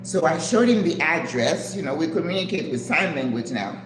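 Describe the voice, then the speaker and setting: Older lady telling a story on a live stream, voice swoops up and down, echoey room with noise behind. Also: normal speed. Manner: animated, acts out voices with big pitch jumps. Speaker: channel host.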